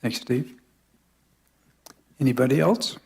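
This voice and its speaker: A man chairing a county board meeting, brisk and procedural. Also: mid-range voice, expressive, gravelly, darkish tone, slight background noise.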